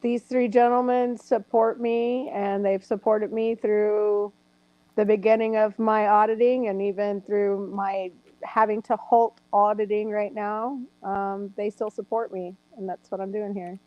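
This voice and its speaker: Woman guest, slow even delivery, muffled lo-fi sound with hum. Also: medium pitch, dry recording. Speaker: guest auditor. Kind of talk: casual live-stream chat. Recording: dull lo-fi call audio with hum.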